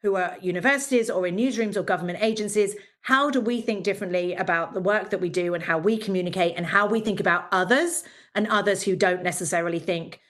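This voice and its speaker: A woman's voice: mid-range voice, fast, fairly bright tone. A middle-aged woman giving an academic lecture in a conversational way, with frequent fillers and quoted asides.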